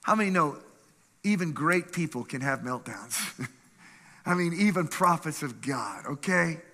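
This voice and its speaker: A man preaching a sermon with lively energy. He reads scripture aloud, asks the congregation questions and laughs often. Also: fairly high pitch, a little slow. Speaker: pastor. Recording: long reverb of a hall.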